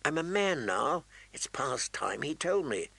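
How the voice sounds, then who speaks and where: A man's voice: fairly high pitch, sing-song, unhurried, vocal fry, bright, forceful tone, husky, no echo, full character voice. A man voicing an earnest young man of the watch. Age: young adult. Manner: earnest, insistent.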